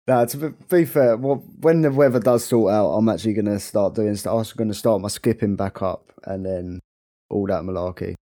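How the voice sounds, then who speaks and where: A man's voice: lowish voice, a little fast, warm tone, dry recording, clean studio sound. A young man with a London accent, co-hosting a podcast in easygoing, jokey chat. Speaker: podcast co-host. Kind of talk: casual chat.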